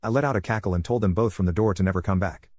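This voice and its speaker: A man narrating a personal story in a brisk, matter-of-fact way. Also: low-pitched, a little mellow, no room sound, clean studio sound.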